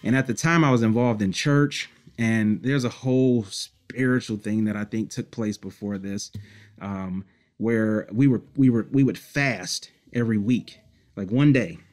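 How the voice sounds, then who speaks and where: A man with a fairly low voice talks through old memories at an easy, unhurried pace. He rambles, restarts and fills gaps with ums and "you know", laughing quietly between stories. He comes across as a musician recalling his past in a casual interview. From Detroit, United States. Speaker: musician guest.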